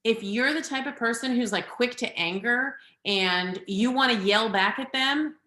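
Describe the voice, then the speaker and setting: A woman's voice: fairly high pitch, a little slow, bright, forceful tone. A middle-aged woman, a parenting coach, giving earnest, direct advice in a webinar over a video call. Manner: earnest, advising, gives direct instructions. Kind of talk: webinar talk. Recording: echoey room.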